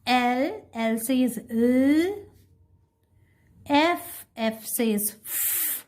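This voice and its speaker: Woman, kindergarten teacher; high, unhurried, patient repetition of letter sounds. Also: darkish tone. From India. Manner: sounds out letters slowly, repeats words, addresses children. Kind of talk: slow, sing-song phonics lesson for young children.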